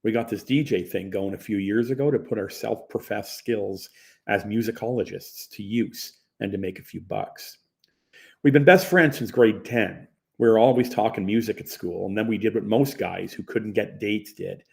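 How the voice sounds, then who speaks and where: A man's voice: on the low side, normal speed, gravelly, darkish tone. A man, narrating his own memoir in a conversational, wry storytelling manner. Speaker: audiobook narrator. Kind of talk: first-person memoir narration.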